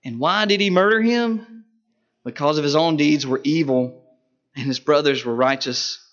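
A man preaching a sermon, emphatic, with sharp rises and drops in his voice for stress. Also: on the high side, moderate pace. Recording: dull lo-fi recording.

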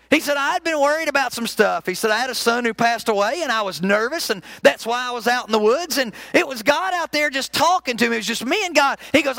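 A man's voice: very high voice, animated, fairly quick, creaky, a bit bright, no echo. A man preaching a sermon, telling folksy stories in a conversational way with frequent restarts. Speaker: minister. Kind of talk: sermon with storytelling.

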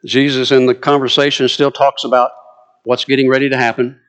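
A man with a Southern US accent preaching a sermon, acting out scripture quotes with lively, dramatic delivery. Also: medium pitch, brisk. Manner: animated, dramatic quoting of scripture.

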